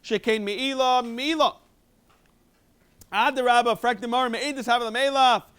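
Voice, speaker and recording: A man, a rabbi teaching a Talmud review class and explaining in a quick, animated way. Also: very high voice, clean tone. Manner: quick, animated explaining with sudden emphatic jumps. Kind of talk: Talmud lecture, English mixed with Hebrew and Aramaic terms.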